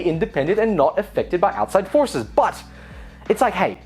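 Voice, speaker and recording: A woman hosts a scripted tech news rundown, her lowish voice swinging up and down in a lively way. She delivers the headlines with wry, sarcastic asides. Faint music plays behind her. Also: moderate pace.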